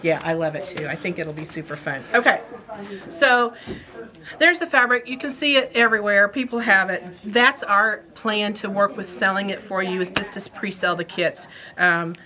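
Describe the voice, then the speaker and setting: A woman's voice: mid-range voice, bright, forceful tone. A woman from Indiana hosting a casual shop update, chatty and rambling, laughing easily. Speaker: quilt shop owner and host.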